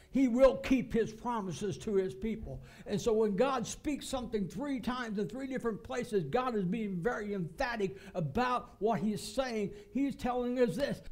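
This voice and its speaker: High-pitched guy preaching in church, keeps hammering phrases for emphasis. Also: a little mellow. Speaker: pastor. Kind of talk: sermon.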